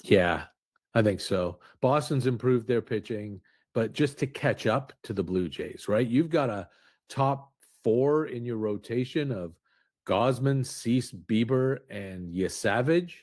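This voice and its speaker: A man giving measured baseball analysis in a played-back sports talk clip. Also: mid-range voice, animated, darkish tone, no echo. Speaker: baseball commentator guest.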